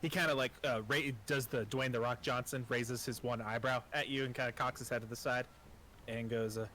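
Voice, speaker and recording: A man's voice: medium pitch, steady tone, brisk, sharp tone. A man narrates as game master in loose, casual speech full of fillers and cheerful swearing. His voice sits mid-range, with a faint background hiss. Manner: casual, profane, self-deprecating, many fillers.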